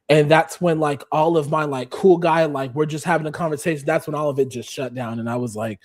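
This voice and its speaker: A man's voice: a little high, steady tone, a little fast, hardly any pauses, a little mellow, no echo, clean studio sound. A man co-hosting a podcast, telling a story casually with hesitant fillers and restarts. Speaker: podcast co-host.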